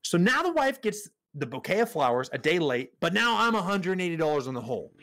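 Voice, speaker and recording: A man's voice: sits high, a little fast. A young man co-hosting a podcast, telling a story in casual chat, swearing often and acting out the lines of the people in it. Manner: animated, swears often, acts out quotes. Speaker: podcast co-host.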